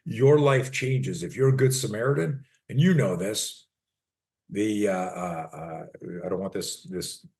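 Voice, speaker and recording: A man in his sixties with a low-pitched voice, speaking as a personal defense coach in an interview. He is blunt and emphatic, swears freely, and acts out short confrontation scenes to make his points. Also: measured pace, a little mellow. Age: 60s. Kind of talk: interview, animated teaching with role-play demos.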